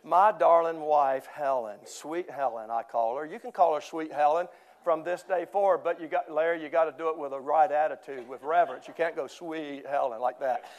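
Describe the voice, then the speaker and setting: The audio is dull, but the older pastor's voice is clearly on the high side and his pace fairly quick. He preaches in church as a joking storyteller, frequently breaking into chuckles.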